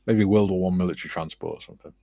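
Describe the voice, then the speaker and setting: This is an English man with a low, deep voice, hosting a casual live video chat. He rambles cheerfully between viewer comments. The sound is dry and close. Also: steady tone, very fast, warm tone, no room sound. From England. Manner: chatty, amused, loose and rambling. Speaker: livestream host. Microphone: streaming setup, video call.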